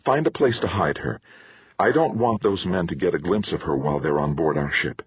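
A stern, worried older mother snaps out clipped, urgent orders, put on by a male narrator. The voice sits higher than his own, husky and swinging in pitch. The audiobook recording is dull and dry. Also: expressive, fairly quick, no room sound, exaggerated voice.

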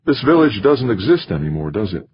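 A man's voice: fairly low pitch, big pitch swings, a little fast, breathy edge, dull audio, voice pushed up. A man doing an anxious earnest scientist.

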